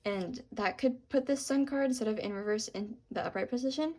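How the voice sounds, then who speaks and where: A young woman giving a tarot reading, gentle and reassuring, with frequent ums and apologies, her voice cracking from talking a lot. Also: on the high side, a little fast. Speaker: tarot reader.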